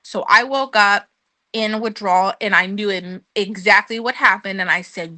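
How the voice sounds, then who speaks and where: A woman's voice: mid-range voice, moderate pace, sharp tone, dry recording. A woman telling her recovery testimony in a conversational way, earnest and full of ums, sometimes acting out what she said back then. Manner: earnest storytelling with frequent ums, acting out her own past words. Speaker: guest sharing her testimony.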